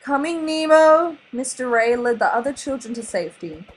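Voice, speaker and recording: Expressive Australian woman reading a storybook. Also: fairly high pitch, fairly quick, breathy edge, poor audio. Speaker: reader. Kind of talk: storybook read-aloud.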